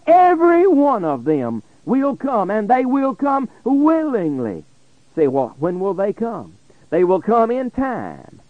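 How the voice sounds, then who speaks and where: Slow, emphatic radio preacher, man. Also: huge pitch swings, no room sound, phone-quality sound. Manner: slow emphatic preaching, drops low at phrase ends. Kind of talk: radio Bible sermon.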